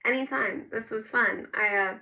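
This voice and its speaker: A woman's voice: fairly high pitch, brisk, sharp tone, low-quality recording. A woman voicing a shy, flustered teenage boy who talks in awkward bursts.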